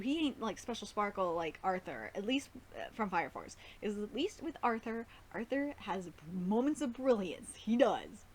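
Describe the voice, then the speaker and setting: A woman's voice: fairly high pitch, a little hiss or hum, low-quality recording. A woman hosting a live anime reaction, talking in an exasperated, nitpicky way and swearing often. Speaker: host.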